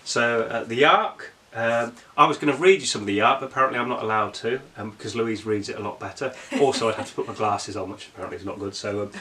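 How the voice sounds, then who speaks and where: A man's voice: fairly low pitch, fast talker, few pauses, bright, forceful tone, a little hiss or hum. A man co-hosting a casual children's book review, joking and teasing himself, with plenty of ums and uhs. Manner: jokey and self-mocking, with many fillers.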